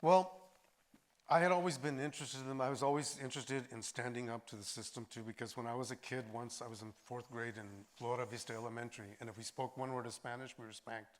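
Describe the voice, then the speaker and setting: Older man, actor, animated storyteller, post-screening talk, acts out voices. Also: medium pitch, quick pace. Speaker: actor and filmmaker, interview guest.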